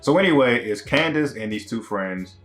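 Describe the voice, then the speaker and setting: A man's voice: mid-range voice, lively intonation, normal speed, fairly bright tone, faint music behind. A man recapping and reacting to a TV episode in a rambling, conversational way, full of slang and fillers. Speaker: TV show reviewer. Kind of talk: casual recap commentary.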